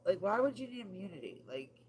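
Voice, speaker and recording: A woman's voice: medium pitch, very animated, a little fast. A woman streaming casual chat while she decorates cakes, talking bluntly and swearing often, sounding exasperated. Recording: noisy home recording.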